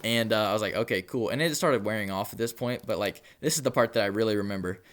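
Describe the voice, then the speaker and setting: A man's voice: lowish voice, fast talker, a bit bright. A young man telling a rambling personal story in a laid-back way, with lots of filler words. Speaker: storytelling vlogger. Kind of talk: casual storytelling.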